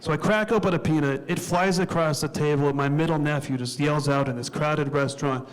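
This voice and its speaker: A man doing a stand-up set on a club stage, telling crude, self-deprecating stories in a deadpan way and acting out what people said. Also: a little high, fairly quick. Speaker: stand-up comedian. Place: comedy club stage before a live audience. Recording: live club recording with crowd laughter. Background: audience laughing.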